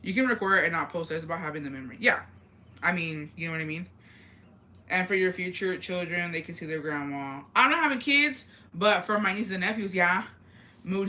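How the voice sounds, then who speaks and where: A young woman tells a family story on her vlog in loose, casual chat. Her voice is bright and forceful, and she swears freely and breaks into laughter along the way. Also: fairly low pitch. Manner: animated, swears a lot, laughs while telling stories. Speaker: vlogger.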